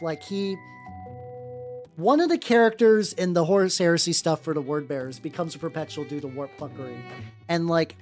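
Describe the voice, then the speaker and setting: A woman streamer chatting casually as she paints miniatures, rambling and blunt, full of fillers and swearing, pausing to greet her chat viewers. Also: lowish voice, darkish tone. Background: faint background music.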